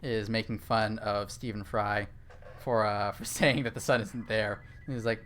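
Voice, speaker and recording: A man's voice: lowish voice, fairly even intonation, measured pace, fairly bright tone. A young man chatting casually while streaming a horror game, rambling with lots of fillers and restarts. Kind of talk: casual gaming stream chat.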